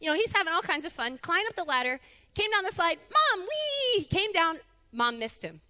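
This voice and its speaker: A woman giving a conversational sermon in a church, animated and chatty, laughing easily. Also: very high voice, fairly quick, long reverb tail. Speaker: preacher. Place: church sanctuary.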